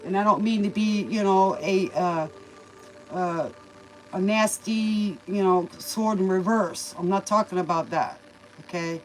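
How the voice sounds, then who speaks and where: A woman reads tarot in a loose, homespun way, preaching about tears, lessons and faith while calling her listener baby. Her voice sits in a middle register, neither high nor low. Quiet music plays faintly behind her. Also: unhurried, rough recording. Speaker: tarot reader and livestream host. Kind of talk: casual spoken tarot reading.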